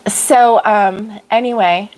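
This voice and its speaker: A woman's voice: mid-range voice, steady tone, slow pace, darkish tone. A middle-aged woman hosting a casual livestream, rambling through a story with fillers and laughs, fighting off allergy sneezes. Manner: rambling, chatty, laughs often, greets viewers by name. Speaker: crochet livestream host. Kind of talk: casual chat.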